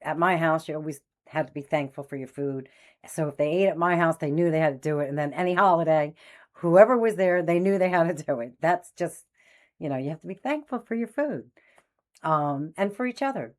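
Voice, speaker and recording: Woman in her sixties, a medium telling personal stories in a low voice, animated, acts out voices. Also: brisk. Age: 60s. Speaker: spiritual medium host. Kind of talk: personal storytelling.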